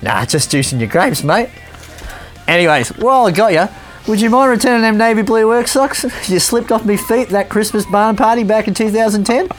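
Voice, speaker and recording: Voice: mid-range voice, brisk, faint music behind, pitched above the performer's own voice, close to an everyday voice. A podcast host putting on a cheeky, brash Australian bloke with a raised, singsong voice, reading out crude fan comments. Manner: brash, singsong, full of slang sign-offs.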